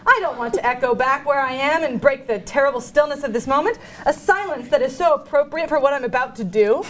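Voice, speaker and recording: A woman's voice: high voice, fairly quick, a bit bright. A woman reading the part of a guilt-ridden male nobleman about to murder a king, in a comic table reading, stumbling now and then over the words. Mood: brooding. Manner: reads a plain modern paraphrase aloud, stumbling over words.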